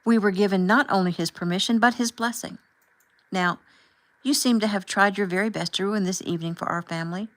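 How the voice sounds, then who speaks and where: A woman voicing a calm, firm husband and father who asks measured, pointed questions as he confronts a chaperone in an audiobook. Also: high-pitched, low-quality recording. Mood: firm rebuke.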